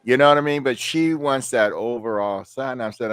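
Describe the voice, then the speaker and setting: A man's voice: mid-range voice, expressive, moderate pace, few pauses, no echo. A man hosting a podcast, casually telling crude, joking family stories and acting out his mother's lines. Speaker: podcast host. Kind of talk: casual storytelling chat.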